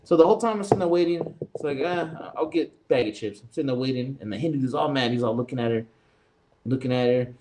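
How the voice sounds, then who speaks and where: A young man talks quickly and heatedly on a casual podcast, piling up swears and acting out what people said. His pitch sits mid-range, and he rushes from one beat to the next. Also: a little hiss or hum. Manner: fast, profane, animated anecdote with lots of reported speech. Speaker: podcast co-host. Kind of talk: casual storytelling chat.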